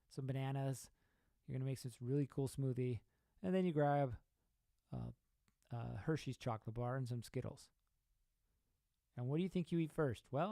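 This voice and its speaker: A young man hosting a podcast gives an emphatic motivational talk in a mellow, mid-range voice, packed with rhetorical questions and repeated points. The recording is dry.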